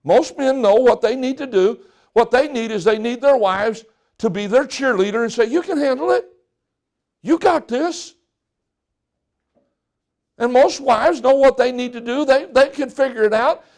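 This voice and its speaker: A middle-aged male pastor delivers a folksy sermon, with a high-pitched voice. He jokes with the congregation and acts out little exchanges between people. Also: moderate pace, darkish tone.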